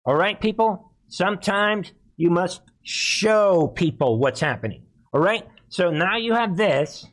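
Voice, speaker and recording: Male host of a live-streamed political commentary show, emphatic and repetitive, speaking voice sits a little high. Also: lively intonation, unhurried, fairly bright tone. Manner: emphatic and repetitive, keeps calling out to viewers.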